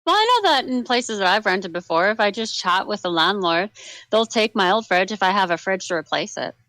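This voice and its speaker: A woman co-hosting a casual late-night livestream, chatty and quick to laugh. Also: medium pitch, lively intonation, bright, forceful tone, no echo. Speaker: livestream co-host.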